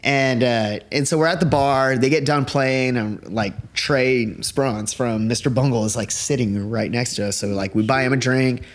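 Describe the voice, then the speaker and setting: A man telling a long story on a podcast in a loose, rambling way. He leans on 'like' constantly and keeps a middle pitch. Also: fairly even intonation, normal speed, few pauses. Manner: rambling, heavy use of 'like'. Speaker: podcast guest. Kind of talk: casual storytelling chat. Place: living room.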